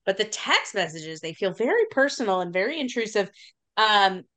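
A woman's voice: medium pitch, very animated, normal speed, a bit bright. A woman co-hosting a casual podcast, blunt and sweary in her talk. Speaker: podcast co-host. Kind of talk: casual chat.

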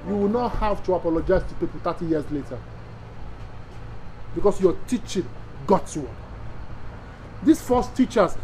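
Emphatic Nigerian pastor preaching. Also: male voice, sits high, animated, normal speed, pauses often, darkish tone, slight background noise, low-quality recording. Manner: emphatic, repetitive, rhetorical questions. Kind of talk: teaching sermon to pastors.

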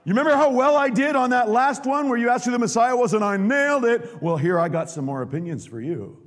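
A man preaching, voicing a brash, boastful male disciple in a loud, excited way. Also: very high-pitched, fast, long reverb tail, pitched above the performer's own voice.

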